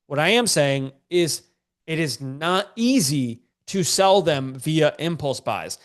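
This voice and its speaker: A congested man runs a live-streamed business lesson in a loose, joking, slangy manner. His voice sits a touch higher than most men's. He addresses his viewers directly and keeps the tone informal. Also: expressive, slow pace. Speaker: online business coach. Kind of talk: live-streamed teaching session.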